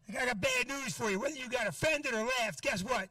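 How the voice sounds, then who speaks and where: A middle-aged man working a comedy club crowd, brash and profane and never letting up on the teasing. His voice sits high for a man. The sound is dry, with the mic set back from him. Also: lively intonation, fairly quick, hardly any pauses, sharp tone, no room sound, distant mic. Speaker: stand-up comedian. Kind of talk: stand-up set with crowd work.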